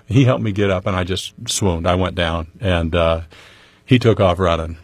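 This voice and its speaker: A middle-aged man with a low, husky voice tells his own story as an interview guest. He talks in an earnest, conversational way and slips in wry humor. The sound is dry and close. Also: normal speed, no room sound. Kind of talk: personal storytelling.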